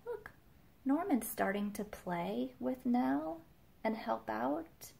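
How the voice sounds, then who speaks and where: A preschool teacher reads a picture book aloud at an unhurried pace. Her voice has a gravelly creak. She adds gentle, chatty asides for small children. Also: a little high, expressive.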